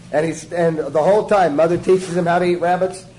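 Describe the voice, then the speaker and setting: A high-voiced man giving a homely, joking sermon. He keeps putting questions to his congregation. A faint hiss sits under the recording. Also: normal speed, warm tone, poor audio. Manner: folksy, jokey, asks the audience questions. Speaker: preacher. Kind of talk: informal sermon teaching.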